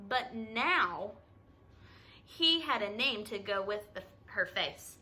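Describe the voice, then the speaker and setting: Woman reading a chapter book out loud, bright higher voice, expressive. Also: a little slow, poor audio. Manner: expressive, some stumbles. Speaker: reader. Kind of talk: reading a novel aloud.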